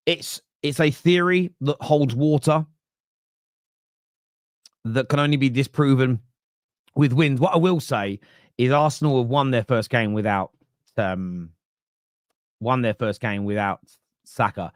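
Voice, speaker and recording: A man's voice: medium pitch, unhurried, long pauses, no room sound, clean studio sound. A man hosting a football fan podcast, chatting casually and sarcastically while reading out viewer comments. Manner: sarcastic, joking, rambling.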